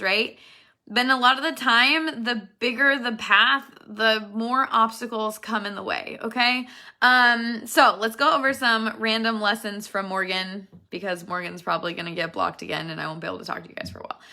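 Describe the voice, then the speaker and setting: A network marketing team leader, a woman in her thirties with a sharp, mid-range voice, gives her business team an earnest, emphatic motivational talk, repeating her key points.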